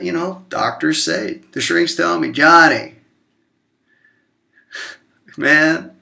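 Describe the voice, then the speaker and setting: With a creaky voice, this vlogger confronts the camera in an emotional monologue full of open swearing. His delivery shifts between quiet murmurs and loud outbursts.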